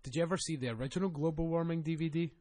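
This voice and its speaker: A man's voice: on the high side, very fast, darkish tone. A man co-hosting a wrestling podcast, joking, swearing and laughing often in casual banter.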